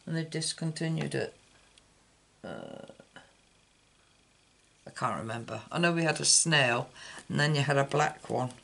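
Slow gravelly man, rambling craft chat. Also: a little high, lively intonation, fairly bright tone. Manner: chatty, rambling, loses track mid-thought. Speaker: craft channel host. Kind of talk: casual card-making demonstration.

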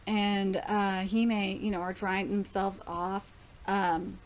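A young woman casually reviewing an anime episode, gushing and excitable, swearing now and then. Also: medium pitch, takes it slowly, background noise.

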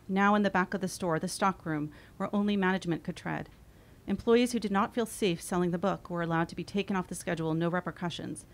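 A woman in her forties reading her own memoir aloud, wry and expressive. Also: on the low side. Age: 40s. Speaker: author.

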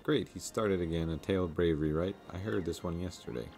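Low-voiced man with wry gaming asides. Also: fast, darkish tone. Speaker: let's play host. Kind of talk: casual game commentary. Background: faint game music.

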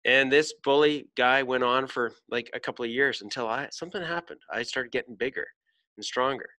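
A man's voice: medium pitch, a little fast, bright, forceful tone. A middle-aged man hosting a podcast, giving a blunt, emphatic motivational talk full of swearing. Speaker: podcast host.

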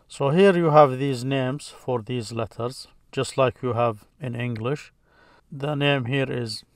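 Slow patient male teacher. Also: mid-range voice, no room sound, clean studio sound. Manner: patient, repeats each sound, pauses often. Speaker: Arabic teacher. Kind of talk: slow letter-by-letter lesson.

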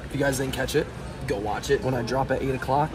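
A man's voice: mid-range voice, steady tone, fast, over music. A young man talking straight to his viewers in an upbeat, hypey way while vlogging about his cars on the go. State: hoarse. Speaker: car vlogger. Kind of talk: casual vlog talk to camera.

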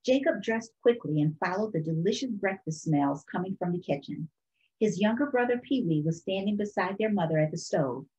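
A woman reading a children's picture book aloud for storytime in a calm, expressive way. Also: medium pitch, a little fast, lo-fi sound. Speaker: storytime reader.

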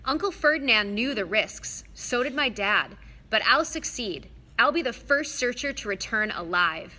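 A woman's voice: a little high, animated, bright, forceful tone, full character voice. Woman voicing a gloomy young satyr. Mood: earnest, sorrowful. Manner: sad, earnest, slow at times.

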